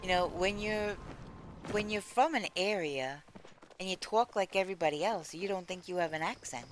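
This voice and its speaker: A woman's voice: on the low side, moderate pace, slight background noise. A woman from the United States streaming a game, chatting casually and rambling as she answers her chat. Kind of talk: casual chat while gaming.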